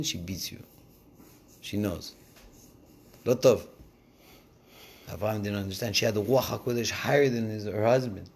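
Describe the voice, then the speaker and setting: A man giving a casual Torah lesson, telling the story in an animated way and switching between languages. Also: on the low side, vocal fry, slight background noise. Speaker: Torah teacher.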